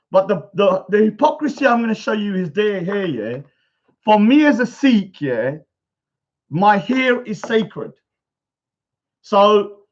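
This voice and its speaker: A man ranting and mocking his rivals in a casual vlog, swearing often, recorded at home in a bungalow. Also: high voice. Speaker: vlogger. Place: bungalow room. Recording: dull lo-fi recording.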